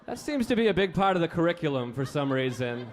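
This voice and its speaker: A man doing a stand-up comedy set on a club stage, with a deadpan, self-deprecating delivery. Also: a little high, fast, slight background noise. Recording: live club set with faint crowd. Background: audience laughter.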